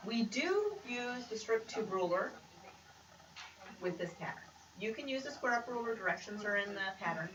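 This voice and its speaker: A woman's voice: on the high side, big pitch swings, moderate pace, fairly bright tone. A woman presenting a quilting demonstration in a casual, chatty way with upbeat asides. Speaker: quilt pattern designer presenting. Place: creative center studio. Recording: roomy, distant, noisy room sound.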